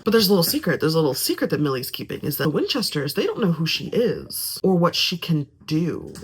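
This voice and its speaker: A woman's voice: low-pitched, sing-song, fast talker, slightly rough. A young woman chatting casually in a book review vlog, gushing and emphatic, often repeating phrases for effect.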